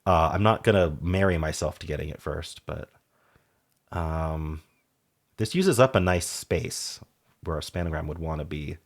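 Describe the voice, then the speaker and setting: A man's voice: a bass voice, unhurried. A man with a sore throat thinking aloud as he solves word puzzles, musing half to himself and trailing off. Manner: muses half to himself, trails off, sudden brighter asides. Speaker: puzzle game streamer. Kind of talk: casual thinking aloud while solving puzzles.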